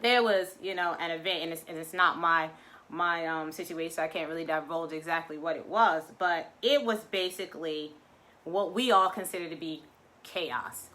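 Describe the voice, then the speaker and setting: Animated bright-voiced woman. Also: sits low, normal speed. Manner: animated, playful, acts out quoted voices. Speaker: spiritual vlogger. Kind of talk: casual spiritual talk to viewers.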